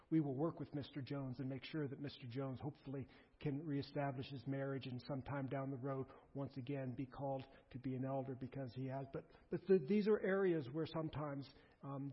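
A man's voice: mid-range voice, breathy edge. A man preaching a sermon to his congregation, earnest and pleading, often restarting his sentences. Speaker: pastor. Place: church sanctuary. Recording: muffled sound with a long hall echo.

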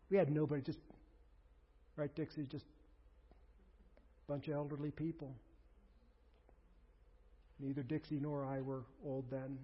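A man preaching a sermon as pastor, conversational and animated, with asides and quoted voices. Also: a little high, breathy edge. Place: church sanctuary. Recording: dull sound with long reverb in a hall.

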